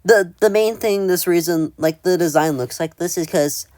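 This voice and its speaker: A man's voice: sits high, moderate pace, a little mellow, no echo, clean studio sound. A man casually ranking his own old artwork, rambling with many fillers and mocking himself. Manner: rambling, filler-heavy, self-deprecating. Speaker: video creator.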